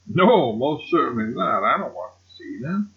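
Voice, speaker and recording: Polite young gentleman, startled and uneasy, as a male reader puts him on. Flustered questions in an ordinary middle-pitched voice, on slightly dull home audio. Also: sing-song, normal speed, creaky. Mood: taken aback.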